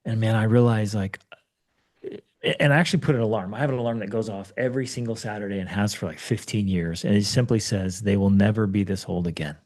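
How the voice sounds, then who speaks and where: A man in his forties speaks as an interview guest, his voice dark and mellow. He tells personal stories with urgent, emphatic conviction and leans into his points like a pep talk. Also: fairly low pitch, fast. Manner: emphatic storyteller, urgent and preachy. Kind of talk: conversational interview.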